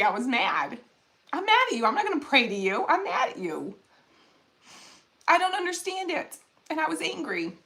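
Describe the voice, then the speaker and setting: A woman's voice: high-pitched, sharp tone. A woman, earnestly telling a personal story to her viewers. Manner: emotional, earnest, addresses viewers as y'all. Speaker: craft channel host.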